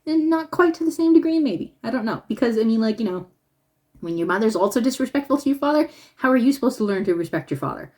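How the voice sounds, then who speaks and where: A woman's voice: a little high, fast talker. Chatty woman reviewing a drama. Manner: animated, frequent laughter, restarts and asides. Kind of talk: casual opinion vlog.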